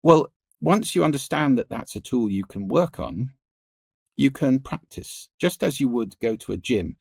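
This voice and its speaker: A middle-aged man, a podcast guest, explaining listening and voice in an animated, expressive way that shifts pace and pitch for emphasis. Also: measured pace, creaky, husky, no echo. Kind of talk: interview conversation.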